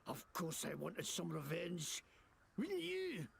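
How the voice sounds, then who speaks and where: A gravelly, foul-mouthed thug in a video game, whining and blustering in a put-on Scottish accent. His voice sits high and swings wildly up and down. Faint ambience hums behind him. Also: wildly swooping pitch, a little hiss or hum, exaggerated voice. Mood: bitter. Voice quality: gravelly, coarse and cursing. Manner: whiny, self-pitying, quick to bluster. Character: crude bitter male thug faking a Scottish accent.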